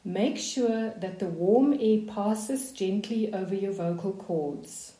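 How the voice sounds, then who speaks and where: Slow, calm woman coaching voice warm-ups. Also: medium pitch, reverberant. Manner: slow, calm, soothing guidance. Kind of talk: guided voice warm-up instruction.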